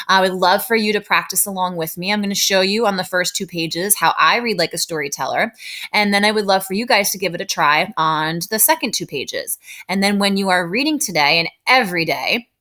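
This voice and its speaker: A woman teacher giving a recorded reading lesson for children, explaining slowly and checking in with tag questions. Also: medium pitch, bright, forceful tone. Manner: slow, deliberate explaining, frequent tag questions.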